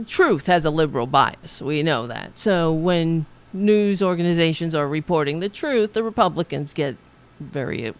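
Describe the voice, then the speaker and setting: A woman's voice: deep voice, normal speed. A woman hosting a political live stream, chatting casually, reading out supporter messages with frequent laughs and restarts. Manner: chatty, animated, laughs often, trails off and restarts. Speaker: political show host.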